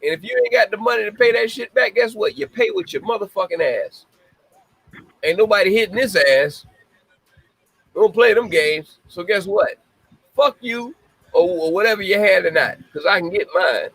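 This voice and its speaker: A man's voice: sits high, expressive, moderate pace, fairly bright tone, breathy edge, no echo, poor audio. A man hosting a podcast, ranting bluntly in casual talk, swearing heavily and often breaking into laughter. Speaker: podcast host. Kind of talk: casual profane commentary.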